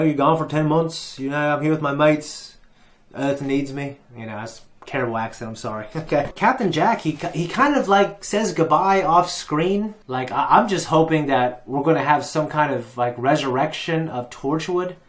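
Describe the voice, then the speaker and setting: A man giving a casual, rambling TV episode review, swearing freely and filling gaps with "like" and "you know". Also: medium pitch. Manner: rambling, swears, lots of fillers. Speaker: reaction channel host.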